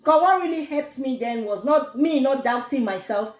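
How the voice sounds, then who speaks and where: A woman with a Nigerian accent telling a personal story to camera, animated and quick to laugh. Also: sits high. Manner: animated, laughs often, gives advice. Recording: echoey room.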